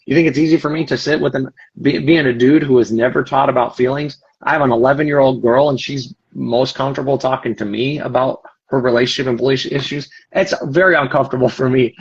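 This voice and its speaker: Earnest husky-voiced man, muffled audio. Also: mid-range voice. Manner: earnest, emotional, talks in restarts. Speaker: firefighter and father, guest. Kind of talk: casual conversation.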